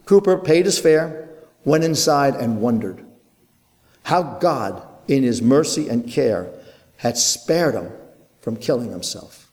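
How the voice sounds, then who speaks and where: A man preaching an earnest sermon in a church, with rhythmic phrasing and dramatic pauses. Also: medium pitch, lively intonation, darkish tone. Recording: long hall reverb.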